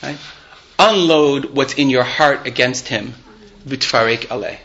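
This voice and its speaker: A man's voice: medium pitch, unhurried, a bit bright, lo-fi sound. A man teaching a live Torah class. He reads Hebrew and Aramaic passages aloud, explains them conversationally and asks his students questions.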